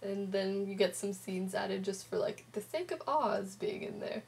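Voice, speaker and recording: A woman's voice: mid-range voice, animated, unhurried, vocal fry, a little mellow, husky. A teenage girl, chatting sarcastically in a home vlog with a sore throat. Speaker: vlogger. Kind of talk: casual vlog chat, retelling a comic.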